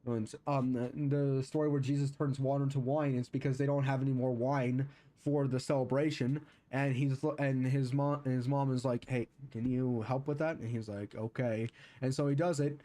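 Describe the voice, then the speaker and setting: Male streamer, casual gaming chat, mellow and rambling. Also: mid-range voice, level tone, normal speed, few pauses. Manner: rambling, thinking aloud.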